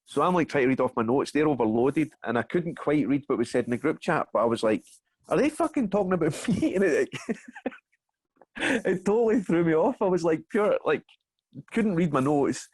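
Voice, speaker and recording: A man with a Scottish accent, a stand-up comedian chatting as a podcast guest, telling animated stories, swearing and laughing as he goes. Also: on the high side, normal speed, breathy edge, no room sound. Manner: animated storyteller, swears and laughs through anecdotes. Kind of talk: casual podcast chat over a video call.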